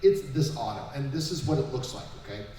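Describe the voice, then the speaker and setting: A man's voice: mid-range voice, expressive, fast, warm tone, slight background noise. A man answering fan questions on a convention panel, rambling and restarting his sentences. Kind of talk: casual convention panel talk. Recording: echoey convention room, mic far off.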